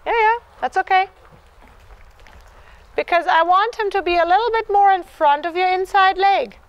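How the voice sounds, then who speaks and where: A woman with a very high, light voice coaching a dressage rider in a live lesson. She talks in encouraging bursts, repeats "yes" again and again, and sings out the horse's rhythm. Her teaching is warm but focused. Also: normal speed, highs cut off. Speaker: dressage clinician.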